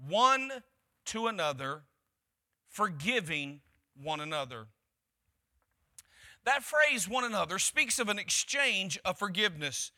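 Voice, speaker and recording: A man's voice: sits high, big pitch swings, slow pace, long pauses, bright, forceful tone. A man preaching a sermon to his church, building emphasis through repeated phrases. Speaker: pastor.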